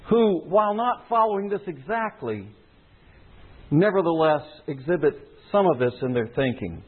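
A man's voice: high-pitched, breathy edge. A man preaching a sermon in an earnest, emphatic way. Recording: tinny phone-like sound.

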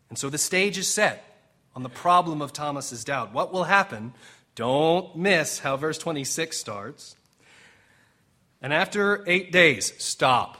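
A man preaching a sermon as pastor, animated and emphatic, slipping into dramatic quoted lines with pauses and now and then drifting off the mic. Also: a little high. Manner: jokes with the congregation.

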